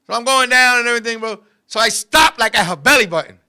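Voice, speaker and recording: A talk-show host in his fifties with a strikingly high, bright, piercing voice tells a raunchy story. He talks loud and animated, cursing freely and laughing along with himself. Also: quick pace, clear, resonant tone. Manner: loud, animated, crude, laughing between lines.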